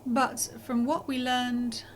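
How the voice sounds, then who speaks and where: A woman streamer gives casual let's-play commentary in a fairly high, level voice, speaking slowly against slight background noise. She rambles and apologizes, restarting often and using lots of fillers, and comes across as a little winded and yawning.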